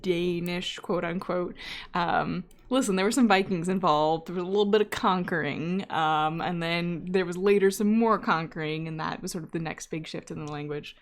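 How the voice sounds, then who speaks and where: A woman's voice: lowish voice, moderate pace. A woman hosting a live coding stream, talking casually and thinking aloud with frequent fillers and asides, now and then reading viewer chat aloud. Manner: reads chat messages aloud. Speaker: data scientist live-coding host.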